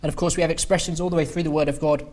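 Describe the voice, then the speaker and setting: A man preaching at a meeting, unhurried and halting, often restarting phrases and drawing out key words for emphasis. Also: a little high, little pitch movement, darkish tone. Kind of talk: sermon-style Bible study talk. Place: meeting hall.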